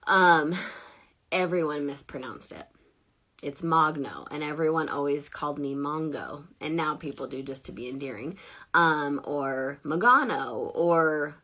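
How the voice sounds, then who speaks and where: A woman in her thirties hosting a casual livestream, chatty and giggly, self-deprecating, sounding tired and low on energy. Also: fairly even intonation, moderate pace, fairly bright tone. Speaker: network marketing livestream host.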